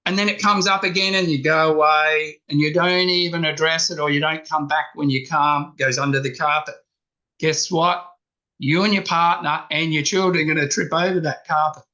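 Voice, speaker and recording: A man's voice: fairly high pitch, bright, forceful tone, dull audio. A man giving an earnest coaching talk to a men's group, repeating his key points. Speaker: speaker at a men's workshop. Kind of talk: talk with slides, then group discussion.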